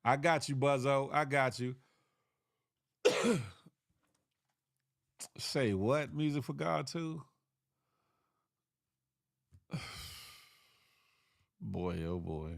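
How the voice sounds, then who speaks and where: A man's voice: medium pitch, expressive, very slow, gravelly, pauses often, no echo, clean studio sound. A man hosting a casual morning show, tired and a little congested, laid-back and laughing often as he reads viewer comments. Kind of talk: casual live-stream chat reading viewer comments.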